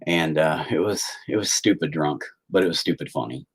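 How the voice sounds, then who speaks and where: A man chatting casually with his viewers on a live stream, crude and joking, sometimes bursting into loud high-pitched exclamations. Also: a little fast, breathy edge. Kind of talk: casual chat.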